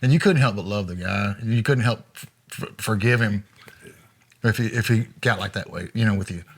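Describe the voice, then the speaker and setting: Man telling road stories, low voice. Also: normal speed, breathy edge. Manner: relaxed anecdotal storytelling, chuckling. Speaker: guest, former road manager. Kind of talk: storytelling interview.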